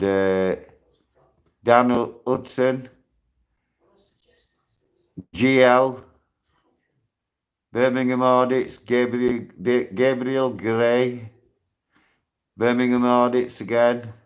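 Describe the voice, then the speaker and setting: A man in his sixties talking casually on a live stream, giving shout-outs and speaking bluntly and heatedly, with free swearing. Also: medium pitch. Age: 60s.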